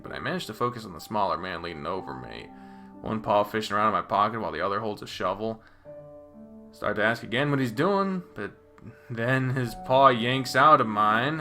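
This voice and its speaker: A man giving a dramatic first-person reading of a visual novel, expressive and profane, moving between hushed and loud. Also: fairly low pitch. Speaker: reader voicing a visual novel.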